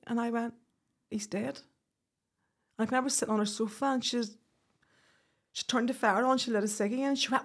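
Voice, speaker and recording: A woman telling a painful personal story as a podcast guest, halting and restarting, acting out what people said. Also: on the high side, fairly even intonation, slightly rough. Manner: halting, with restarts and quoted speech. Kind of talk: emotional personal account.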